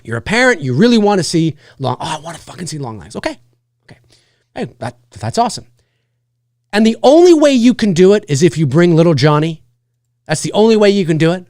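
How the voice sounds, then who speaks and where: A man's voice: sits high, brisk, pauses often, no room sound, studio quality. A man hosting a live show, ranting casually and acting out little scenes, with a swear here and there. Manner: animated, acts out scenes, swears. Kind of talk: casual livestream rant.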